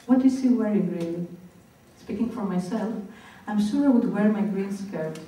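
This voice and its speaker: A woman delivers a staged spoken-word performance in a slow, deliberate way, leaving long pauses between phrases. Her voice is deep-toned and mellow. It reaches the mic from a distance and rings through a very reverberant hall. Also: lively intonation. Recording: very echoey hall, voice picked up from far off.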